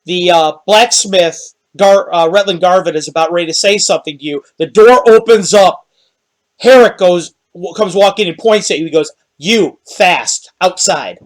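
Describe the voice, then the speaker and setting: Man, game master, high voice, halting descriptive narration. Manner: descriptive, halting, with restarts and quick laughs.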